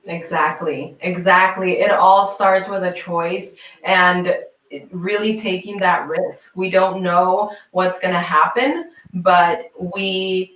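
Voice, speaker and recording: A woman hosting an interview, warmly affirming her guest with enthusiasm. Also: fairly low pitch, steady tone, slow pace, recorded from a distance. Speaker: host. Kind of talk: casual interview talk. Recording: roomy, set back from the mic.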